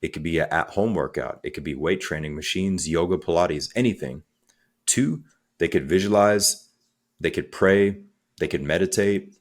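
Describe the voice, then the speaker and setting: A man speaking as a coach in a podcast interview, energetic and conversational, acting out little quotes as he talks. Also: sits low. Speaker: guest, transformational coach.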